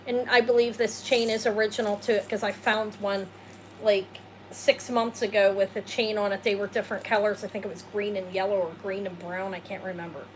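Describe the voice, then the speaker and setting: In a low-quality recording with a little hiss or hum, a woman speaks briskly at medium pitch with little pitch movement. She's selling jewelry live, chatting casually and rambling, answering viewers, and joking and laughing about herself.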